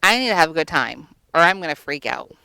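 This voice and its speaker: A woman voicing a weary, overworked young woman who complains flatly. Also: deep voice, fast talker, vocal fry, clear, resonant tone, dry recording, exaggerated voice. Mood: fed up.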